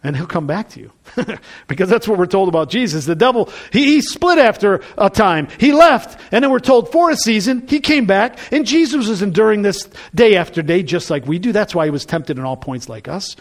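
Male pastor, high and lively voice, casual preaching with emphatic peaks. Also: a little fast. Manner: conversational preaching, rising to emphatic bursts. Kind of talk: sermon.

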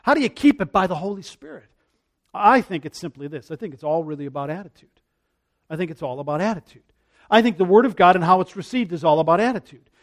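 A man with a notably high voice preaches in a relaxed, conversational way. He is earnest and circles back to the same phrases, and he sinks to a near-whisper when he turns to prayer. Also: fast talker. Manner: earnest, repeats phrases, drops to a hush for prayers. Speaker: pastor. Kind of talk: conversational sermon.

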